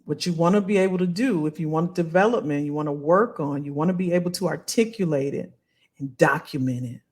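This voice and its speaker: A woman as a career coach on a live stream. She talks straight to her viewers in an animated, emphatic way and reads out their comments casually. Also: deep voice, fairly quick.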